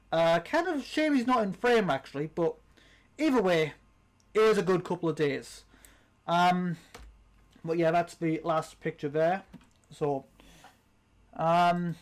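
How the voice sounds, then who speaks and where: Young British male host, high voice, casual rambling unboxing chat. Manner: rambling, chatty, with many ums and restarts. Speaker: channel host.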